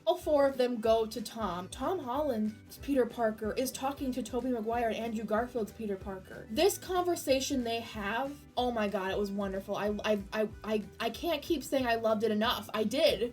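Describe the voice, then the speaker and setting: Gushing high-voiced woman reviewer. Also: distant mic. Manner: gushing, excitable, swears freely, bursts into near-screaming. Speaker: movie reviewer. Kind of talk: excited spoiler review.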